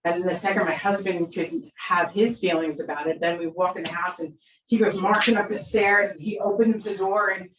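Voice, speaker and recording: Brief: middle-aged woman speaker, lively storyteller, lowish voice, echoey room, distant mic. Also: moderate pace, noisy background. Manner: animated, conversational, tag questions. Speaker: parenting speaker. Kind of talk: storytelling talk.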